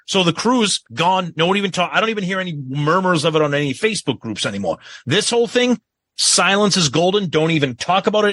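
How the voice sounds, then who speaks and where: A man co-hosting a podcast in casual chat, emphatic, quick to agree and add asides. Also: fairly high pitch, a bit bright, no echo. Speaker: podcast co-host.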